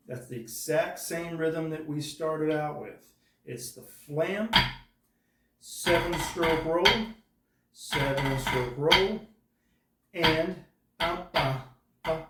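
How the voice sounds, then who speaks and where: A man's voice: a little high, a little hiss or hum. A man teaching a drum part step by step, patiently counting out the rhythms aloud. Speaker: drum instructor. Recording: echoey room from far off.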